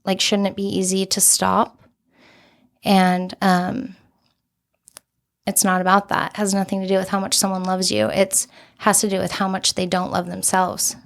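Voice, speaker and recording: A woman's voice: medium pitch, monotone, normal speed, gravelly. A young adult woman, a podcast guest, telling a personal story in an earnest, candid way with many casual fillers.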